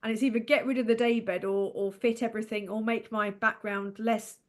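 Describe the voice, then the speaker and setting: A chatty woman co-hosting a podcast from her home over a video call. Her voice sits a little high, and she talks in a loose, casual way, laughing easily and swearing now and then. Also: fairly even intonation, a little fast. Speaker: podcast co-host. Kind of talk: casual chat. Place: home room.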